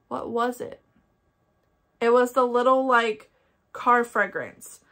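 A woman's voice: on the high side, fairly even intonation, slow, a bit bright. A young woman with an Ohio accent, chatting casually and enthusiastically as she reviews scented wax melts. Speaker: candle collector vlogger. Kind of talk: casual product review chat.

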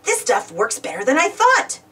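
A woman voicing a steady, clever boy gardener who keeps calm in a storybook. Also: high-pitched, moderate pace, distant mic, heavily acted.

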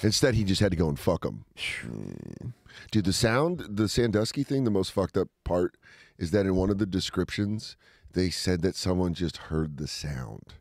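Brief: male podcast guest, low voice, wide swings in pitch, dry studio sound, rowdy storyteller. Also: moderate pace, no echo. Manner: animated storyteller, swings into loud high-pitched impressions; profane, laughs through his stories. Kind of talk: casual podcast chat.

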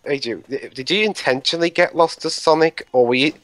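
A man's voice: fairly high pitch, fairly quick, fairly bright tone, no echo. Hesitant young man with dry quips. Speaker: co-commentator. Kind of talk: casual let's-play commentary.

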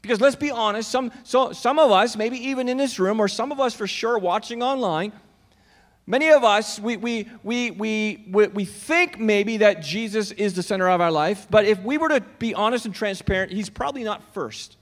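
Man, pastor, sermon, high voice, conversational, asks the room questions, long church-hall echo. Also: normal speed. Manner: conversational, questions the congregation directly. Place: church auditorium.

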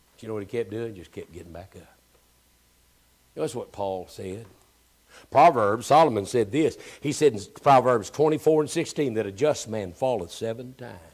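Older man preaching with dramatic swells. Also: on the low side. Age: 60s. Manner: swings from hushed near-whispers to loud emphatic preaching; repeats phrases for emphasis. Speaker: pastor. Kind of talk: sermon. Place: church.

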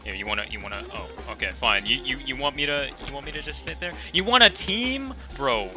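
A man narrating his gameplay with loud, excitable energy. He jumps into shouting and laughing, and he makes playful beeping noises. His voice sits at an ordinary pitch for a man, with clear background music underneath. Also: quick pace. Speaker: gaming video creator.

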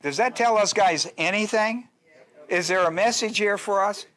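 A man's voice: sits high, moderate pace, fairly bright tone. A male pastor teaching a sermon in a folksy, joking way, with restarts and asides to his listeners.

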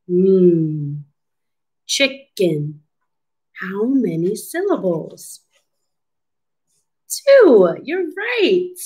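Slow, animated woman reading a storybook. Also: fairly low pitch, breathy edge, low-quality recording. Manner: slow, animated, teacherly, asks children questions. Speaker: speech and hearing clinician. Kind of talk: children's storybook read-aloud.

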